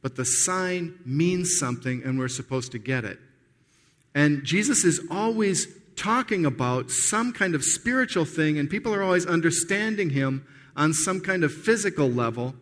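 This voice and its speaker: A man's voice: fairly high pitch, expressive, normal speed, a bit bright. A man preaching a sermon in a conversational, earnest way, often restarting his sentences as he explains a passage. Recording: long hall reverb.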